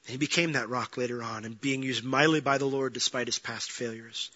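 A man preaching a sermon, telling a story with lively acted-out lines, swinging from loud and fast to quiet and low. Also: husky, dull audio. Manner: animated storytelling, acting out quoted lines, rising to near-shouting then dropping low. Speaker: pastor.

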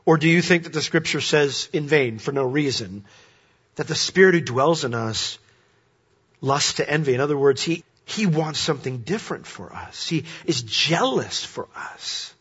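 A man preaching a sermon, swinging between loud, emphatic points and quiet, hushed asides. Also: fairly high pitch, animated, moderate pace, breathy edge. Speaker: pastor. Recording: dull lo-fi sermon recording.

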